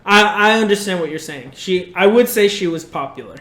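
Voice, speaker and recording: Bright-voiced young man in a roomy echo. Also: sits high, expressive, fairly quick. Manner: teasing, jumps in with questions, laughs easily. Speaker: podcast co-host. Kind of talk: casual banter.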